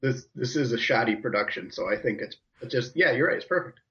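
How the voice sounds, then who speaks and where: A man's voice: mid-range voice, animated, fast talker, sharp tone. A man joins a podcast as a guest who does improv, friendly and explaining in stops and restarts. His sound is slightly dull and lo-fi. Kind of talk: casual chat.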